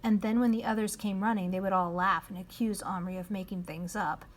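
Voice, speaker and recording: A woman narrating a children's novel in a measured storytelling voice, dropping to a hush at times. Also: medium pitch, fairly even intonation. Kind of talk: reading a children's novel aloud.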